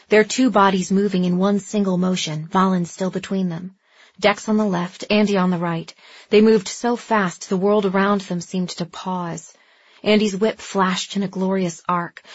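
A woman reading a story aloud as an audiobook narrator, with a steady, even delivery. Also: medium pitch, husky, no room sound. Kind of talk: scripted narration. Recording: dry, slightly dull lo-fi recording.

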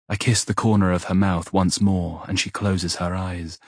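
A man with a very low, husky voice narrates a first-person romance novel, speaking in a close, intimate murmur. The sound is dry and close with no room around it. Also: level tone, moderate pace, hardly any pauses, no room sound. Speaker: audiobook narrator.

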